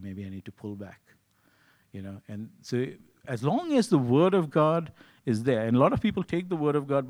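A man with a medium-pitched, slightly mellow voice preaches in a conversational style. He keeps asking "you see" and dramatizes his own inner voice in quotes.

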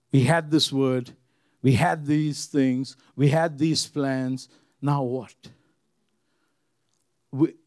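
A pastor preaching a sermon to his church, earnest and repeating his phrases, swinging from loud emphasis to quiet. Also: mid-range voice, dry recording.

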